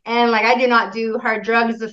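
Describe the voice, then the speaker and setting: A woman's voice: a little high, flat delivery, moderate pace, fairly bright tone. A chatty woman in her forties from Canada, talking casually as an interview guest. She laughs often, and her voice comes through a muffled, lo-fi remote line.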